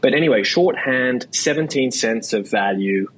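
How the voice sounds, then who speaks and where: Australian man, casual podcast guest, average pitch, rambling with repeated words. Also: expressive, a bit bright, a little hiss or hum, rough recording. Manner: quick, loose talk full of "like" and "right?". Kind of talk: casual interview chat.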